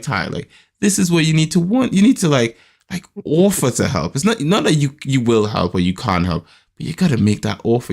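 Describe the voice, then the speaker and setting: A man hosting a podcast, telling a family story in a hesitant, animated way and mimicking a child's voice. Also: creaky. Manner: animated storytelling, acts out his son's high voice; hesitant, many restarts and fillers. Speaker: podcast host. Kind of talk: casual chat.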